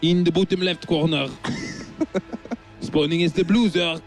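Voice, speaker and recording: A man's voice: on the high side, steady tone, measured pace, soft background music, pitched above the performer's own voice, lightly acted. A man putting on a hammy mock-French game caster. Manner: exaggerated mock French accent. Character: over-the-top French esports caster, man.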